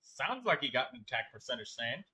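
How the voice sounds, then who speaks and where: A man's voice: mid-range voice, sing-song, a little fast, sharp tone. A young man streaming a game live, chatting in an easygoing way with friends and often restarting his sentences. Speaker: gaming streamer. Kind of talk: casual chat while playing live.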